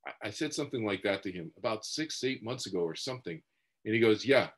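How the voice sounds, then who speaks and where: A man's voice: on the low side, animated, fast. A man giving a talk as a meditation teacher, telling a personal story in a conversational way, full of "you know" asides and restarts. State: moved to tears at points. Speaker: speaker on past-life memories and meditation teacher.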